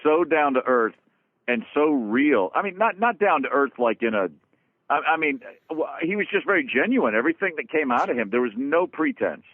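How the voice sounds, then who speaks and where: A man, a guest drummer, tells road stories in an animated, casual way, swearing freely and restarting his sentences. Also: a little high, moderate pace, dry recording. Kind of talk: casual storytelling interview. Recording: dry, phone-like lo-fi sound.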